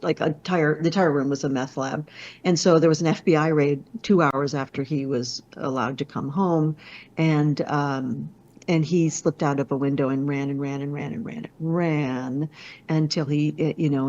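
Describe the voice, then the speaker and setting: A woman who is a motivational speaker, telling a personal story in an expressive way, with many restarts and asides. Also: low-pitched. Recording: slightly muffled lo-fi audio.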